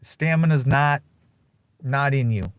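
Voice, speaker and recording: Young man, vlogger type, bitter rant with profane flare-ups, mid-pitched voice. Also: slow, smooth, no room sound. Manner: bitter, profane, swings between mutters and angry outbursts. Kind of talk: casual ranting monologue.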